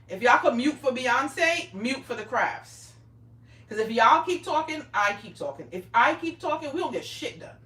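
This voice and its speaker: A woman's voice: high-pitched, lively intonation, normal speed, a bit bright, distant mic. A middle-aged woman hosting a craft livestream from her home craft room, talking in a brash, profane, bossy teasing way. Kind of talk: casual livestream chat while crafting. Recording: roomy echo, speaking away from mic.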